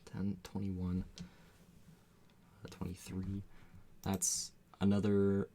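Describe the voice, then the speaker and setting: Male player, very low voice, lively delivery, noisy stream mic. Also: very slow. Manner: animated, thinks aloud while tallying rolls. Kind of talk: playing a tabletop game over a stream.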